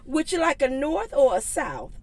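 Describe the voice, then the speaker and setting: A woman's voice: high voice, huge pitch swings, moderate pace, voice pushed up, heavily acted. A woman voicing a silly, literal-minded woman helper in a read-aloud storybook, in a cheerful sing-song tone. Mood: playful.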